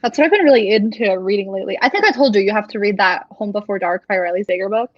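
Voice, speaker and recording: A woman's voice: mid-range voice, expressive, fast, dry recording. A young woman chatting casually, her speech loose and full of fillers. The sound is dull and lo-fi, and completely dry, with no room in it. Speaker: author hosting a release-day livestream. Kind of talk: casual chat.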